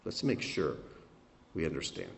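An older man preaching a sermon as pastor, swinging between emphatic peaks and quiet, soft asides. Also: extremely low pitch, huge pitch swings, moderate pace, vocal fry.

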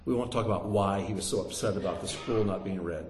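A man preaching a sermon in an animated way, with joking asides and swings between loud and hushed delivery. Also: sits low, fast, echoey room, a little hiss or hum.

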